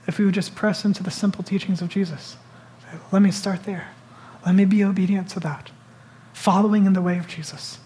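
A pastor gives a sermon in a relaxed, conversational style, his voice at a medium pitch. He often puts rhetorical questions to the listeners and swings between loud, urgent emphasis and a soft, hushed intimacy.

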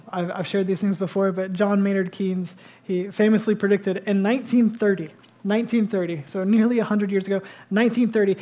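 A man's voice: high-pitched, darkish tone. A male pastor preaching a sermon to his congregation, speaking conversationally and building to emphatic bursts.

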